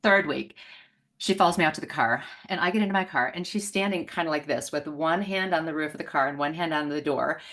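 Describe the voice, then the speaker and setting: Middle-aged woman w a low voice, animated storyteller, does little voices for people she quotes. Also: fairly quick. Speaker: money mindset coach. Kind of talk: storytelling in a podcast conversation.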